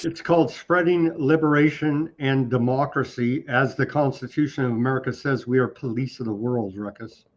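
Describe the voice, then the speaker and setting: A man's voice: mid-range voice, normal speed, hardly any pauses. A man co-hosting a news commentary show, talking sarcastically and tripping over foreign names. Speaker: co-host. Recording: dull lo-fi audio.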